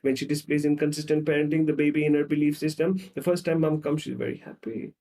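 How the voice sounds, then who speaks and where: A male psychologist explaining ideas through animated storytelling and repetitive lists, acting out short scenes. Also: fairly high pitch, quick pace, gravelly, distant mic. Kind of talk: explaining with acted examples.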